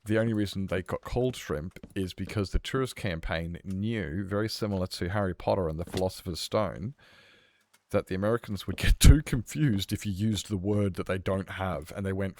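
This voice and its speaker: A man's voice: deep voice, moderate pace, darkish tone, slight background noise. An Australian man streaming a game, chatting casually and rambling with lots of fillers while he responds to chat.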